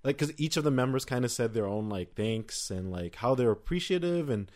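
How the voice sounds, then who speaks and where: A man's voice: medium pitch, animated, brisk, a little mellow. A man co-hosting a podcast in casual chat, playful and laughing often, tripping over his words. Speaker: podcast co-host.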